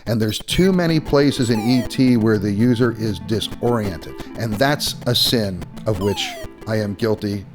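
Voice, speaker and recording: A man's voice: fairly low pitch, lively intonation, a little slow, over music. A man, a former game designer, reflecting and confessional in a documentary interview.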